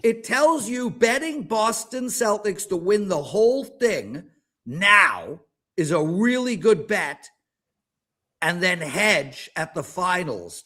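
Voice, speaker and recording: A man in his fifties, a sports betting handicapper talking in an animated, ranting, exaggerated way during a casual chat. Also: high voice. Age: 50s.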